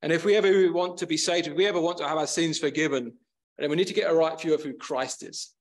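A man's voice: fairly high pitch, steady tone, fast. A man preaching a sermon in an earnest, emphatic way, often repeating and building up his phrases.

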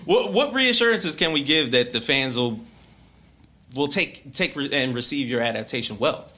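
Animated joking male podcast host. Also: medium pitch, moderate pace. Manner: joking, animated, laughs often. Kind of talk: casual interview banter.

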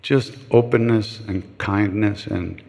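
A man's voice: fairly low pitch, steady tone, slow pace, gravelly, a little mellow. An older man telling frank, joking stories to a live audience, acting out other people's voices as he goes. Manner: anecdotal, frank and joking, acts out quoted voices. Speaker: chant leader answering questions. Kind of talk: casual storytelling talk. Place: retreat hall with a live audience. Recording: long reverb of a large room.

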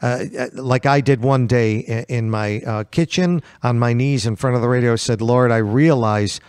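Man, radio bible teacher, calm and steady, dry close sound, mid pitch. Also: normal speed, clean tone, no room sound. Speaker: radio show host.

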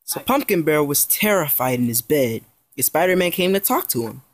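A woman narrating a homemade comedy skit with wry, deadpan asides. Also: sits low, moderate pace. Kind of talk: casual home-video narration.

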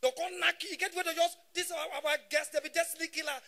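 High-voiced Nigerian stand-up comedian. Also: male voice, fast talker, vocal fry. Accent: Nigerian Pidgin English. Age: 30s. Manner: animated, shouting punchlines in bursts. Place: stage at a live show.

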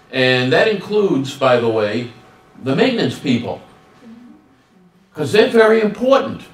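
A man giving a humorous workshop talk on student service, acting out little dialogues as he goes. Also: a little high. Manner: animated, acts out dialogues with humor. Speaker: guest speaker on student service. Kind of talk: workshop presentation. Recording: roomy hall, distant mic.

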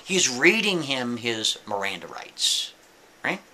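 A man's voice: medium pitch, very animated, slow, bright, forceful tone, a little hiss or hum. A man telling a story in a folksy, conversational way, often checking in with the listener. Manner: folksy, conversational, keeps asking "right?". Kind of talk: casual spoken storytelling.

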